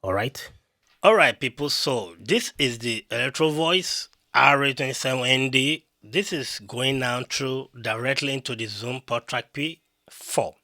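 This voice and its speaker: Man, mid-pitched, chatty gear demo to camera, dry close mic. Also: a little slow, pushed and bright, no echo. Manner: repetitive, talks to viewers directly. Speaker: tech reviewer.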